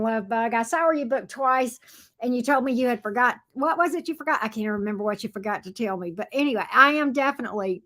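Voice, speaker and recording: A woman's voice: high voice, fairly bright tone. Chatty woman reading tarot live. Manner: chatty, greets viewers by pet names, many fillers and restarts. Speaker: tarot reader hosting a live stream.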